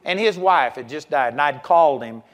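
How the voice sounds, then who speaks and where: A man preaching a sermon in a folksy, animated way, swinging between loud punches and quiet asides. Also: on the high side, moderate pace.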